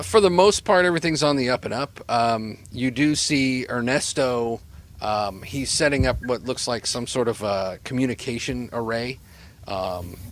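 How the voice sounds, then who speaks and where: A man runs a tabletop game as its game master. He talks in a rambling, hesitant way full of fillers. His pitch is ordinary, and a faint hiss of noise sits under his voice.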